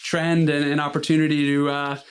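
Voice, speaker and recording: A man's voice: fairly high pitch, little pitch movement, a little fast. A man hosting a podcast interview, asking long, rambling questions full of fillers. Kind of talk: casual interview.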